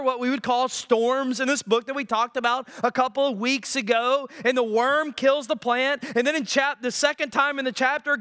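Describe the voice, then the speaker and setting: A male pastor preaching a sermon in an animated, joking way, often asking the congregation questions. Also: extremely high pitch, clean tone.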